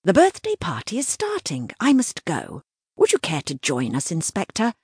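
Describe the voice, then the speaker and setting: A woman voicing an aristocratic young gentleman detective in a children's storybook, eager and well-mannered. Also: on the low side, huge pitch swings, normal speed, slightly rough, no room sound, clean studio sound, pitched above the performer's own voice, exaggerated voice. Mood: brisk, cordial.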